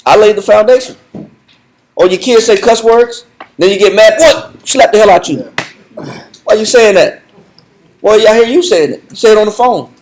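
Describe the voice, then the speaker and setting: A man leading a Bible study lesson in a conversational, animated way, repeating himself and laughing often. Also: sits high, low-quality recording. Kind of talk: conversational teaching.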